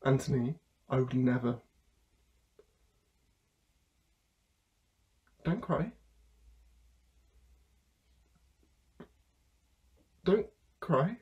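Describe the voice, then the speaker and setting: A man's voice: mid-range voice, a little mellow, highs cut off. A young man acting as a desperate food courier on the phone, stammering, pleading and bursting into anger. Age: young adult. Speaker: student actor. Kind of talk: theatre monologue performed online.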